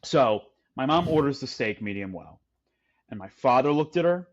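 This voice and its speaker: On lo-fi audio, a man co-hosting a casual podcast speaks briskly and expressively at medium pitch. His story meanders, full of fillers and frequent restarts.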